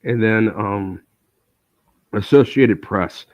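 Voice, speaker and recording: Low-voiced guy on a stream, slow rambly sarcastic talk, dry sound. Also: darkish tone, dry recording, dull audio. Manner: rambling, sarcastic, many filler words. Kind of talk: casual live-stream chat.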